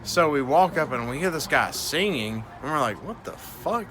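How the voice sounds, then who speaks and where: A man's voice: medium pitch, expressive, normal speed, a crowd in the background. A tipsy man telling a profane, rambling story, full of fillers and restarts. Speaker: guest storyteller. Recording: loud music playing behind. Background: loud music.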